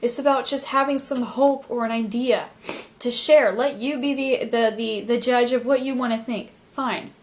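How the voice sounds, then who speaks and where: A woman's voice: fairly high pitch, fairly even intonation, moderate pace. A woman vlogger telling a personal story in an earnest, emotional way, faltering and restarting often.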